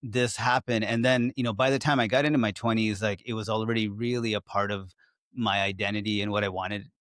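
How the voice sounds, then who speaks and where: A man's voice: on the low side, steady tone, a little fast, a bit bright, no echo, studio quality. A young man co-hosting a podcast, telling stories in casual, chatty talk full of filler words. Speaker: podcast co-host. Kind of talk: casual chat.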